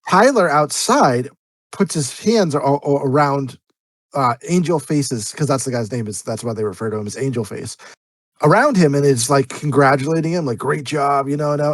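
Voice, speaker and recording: A man's voice: mid-range voice, lively intonation, moderate pace, no room sound. A man co-hosting a movie review podcast, explaining at length with many stops and restarts. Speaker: podcast co-host. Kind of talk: casual movie review chat.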